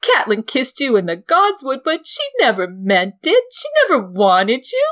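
A woman's voice: huge pitch swings, moderate pace, fairly bright tone. A woman voicing a hysterical, jealous noblewoman who weeps and pleads, in a dramatic book reading. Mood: pleading. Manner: shrill, sobbing, pleading outbursts.

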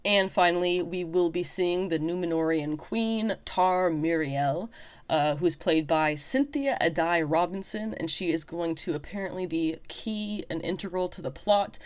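A woman with a deep, low voice talks through her thoughts in a casual fan commentary. She is eager and enthusiastic, often trailing off with ums and restarting her sentences. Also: moderate pace. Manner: chatty, lots of fillers and self-corrections; excited and enthusiastic. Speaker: fantasy fan video host.

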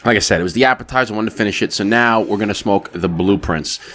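A man co-hosting a casual podcast, easygoing and explaining things at an unhurried pace. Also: fairly low pitch, a bit bright, slight background noise. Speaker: podcast co-host.

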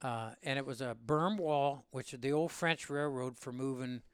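A man calmly telling a war story from his own service, in a plain, matter-of-fact way. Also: mid-range voice, moderate pace, smooth, no room sound. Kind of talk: spoken recollection in an interview.

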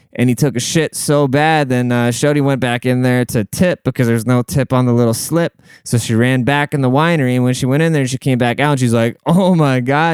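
A man's voice: medium pitch, a little mellow, clear, resonant tone, no room sound. A man in his late twenties rambling in a casual, profane, slangy monologue.

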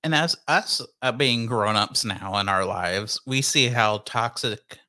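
A man's voice: on the low side, a little slow. A young man co-hosting a casual podcast chat, laughing often and acting out quotes. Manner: laughing, animated, acts out quotes. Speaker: podcast co-host.

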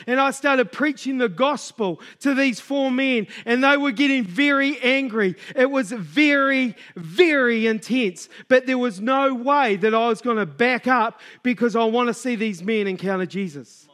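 A middle-aged man preaches a sermon in a notably high voice. He tells his story vividly and voices the other people in it. Then he builds to loud, fervent exhortation. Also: a little slow, hardly any pauses. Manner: storytelling, acts out dialogue, rising to loud exhortation.

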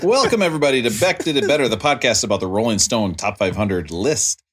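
A man's voice: mid-range voice, lively intonation, fast, a bit bright, slight background noise. A man hosting a casual music podcast, joking and bantering with his guests. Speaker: podcast host.

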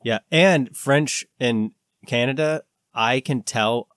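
A man's voice: mid-range voice, slow pace, fairly bright tone, no echo, clean studio sound. A man co-hosting a podcast, chatting casually and rambling with frequent fillers. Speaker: podcast co-host. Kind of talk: casual chat.

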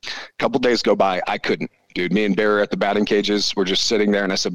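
A man, probably in his forties, telling a story in a casual chat, animated and full of swearing. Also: lowish voice, fast talker, no echo, poor audio. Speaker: podcast guest.

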